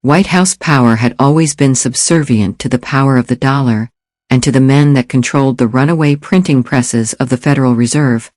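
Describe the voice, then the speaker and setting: A man narrates a thriller audiobook from a script, reading in a steady, measured storytelling manner. His voice is mid-range, and the clean studio recording has no room sound.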